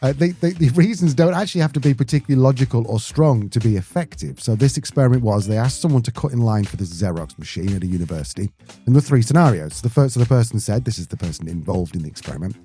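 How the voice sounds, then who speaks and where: Over soft background music, a man co-hosts a podcast in a mid-range, dark-toned voice, animated and quick. His casual banter is full of jokes and self-interruptions as he restarts his sentences.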